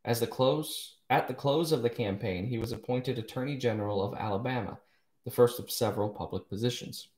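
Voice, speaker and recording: A man's voice: medium pitch, a little fast, a little mellow. A man hosting a live poetry show, chatting casually with wry asides and self-corrections. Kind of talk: casual live-stream reading and chat. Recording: echoey room.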